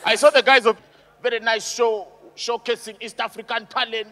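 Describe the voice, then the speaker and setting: A man doing an animated stand-up comedy routine, shouting his punchlines and acting out characters. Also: very high-pitched, normal speed. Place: live comedy stage. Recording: live stage with audience noise.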